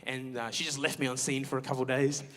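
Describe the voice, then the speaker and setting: A man's voice: medium pitch, flat delivery, fast talker, a bit bright. A young man preaching a sermon, telling a candid, self-mocking personal story with lots of quoted asides. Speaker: pastor. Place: church auditorium.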